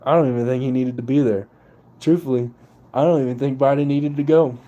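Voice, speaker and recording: A man's voice: mid-range voice, fairly even intonation, a little fast, mellow, muffled recording. A young man ranting casually and profanely, with slang and laughter. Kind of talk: casual political rant.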